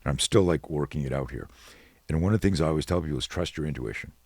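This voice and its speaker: A middle-aged man with a very deep, husky voice tells stories as a podcast guest. He is animated and slips into other people's voices as he acts out the dialogue. The recording is dry and close. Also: quick pace, no room sound. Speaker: guest, self-defense expert. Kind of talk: storytelling in a podcast interview.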